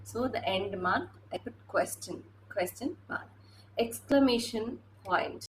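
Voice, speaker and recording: A woman teaches a class at an unhurried pace. She hesitates often and restarts her sentences. A faint hiss of noise sits under her voice. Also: medium pitch, rough recording. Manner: hesitant, many fillers and restarts. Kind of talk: classroom lecture.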